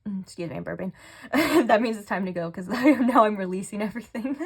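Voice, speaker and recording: A woman talks through a tarot reading in a loose, chatty way, filling her sentences with "like". Her voice sits at an ordinary middle pitch. When she lays out the cards she slows down and goes softer. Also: expressive, breathy edge. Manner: chatty, says "like" often. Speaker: tarot reader.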